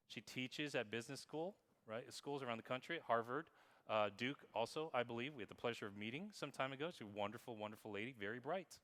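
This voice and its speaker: Man, conference keynote speaker, bright tone, playful, long hall reverb. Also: mid-range voice. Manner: playful, reads examples aloud in an exaggerated voice. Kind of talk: conference talk on marketing.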